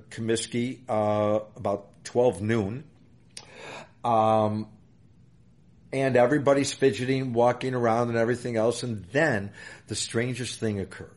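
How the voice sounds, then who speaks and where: A man's voice: mid-range voice, darkish tone. Older man telling rambling anecdotes. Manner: rambling anecdotes with many fillers. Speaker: interview guest. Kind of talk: storytelling in an interview.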